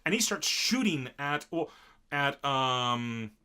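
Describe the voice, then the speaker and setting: Bright-voiced man recapping an anime. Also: medium pitch, clear, resonant tone. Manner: animated retelling with quick character voices. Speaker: podcast co-host. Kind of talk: casual anime recap chat.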